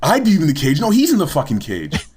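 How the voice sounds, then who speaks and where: A man's voice: on the high side, huge pitch swings, quick pace, a little mellow, slightly rough. A young man co-hosting a casual podcast chat, telling profane stories with animation. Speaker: podcast co-host.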